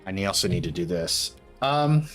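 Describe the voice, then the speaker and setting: A man's voice: deep voice, animated, normal speed, soft background music. A young man streaming a game, muttering to himself and rambling with lots of fillers in casual commentary.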